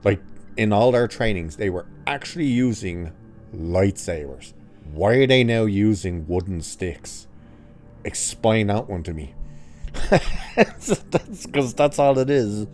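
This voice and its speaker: Sarcastic man ranting in a mellow low voice. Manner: sarcastic, mocking, swears casually. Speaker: TV review vlogger. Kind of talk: ranting episode review.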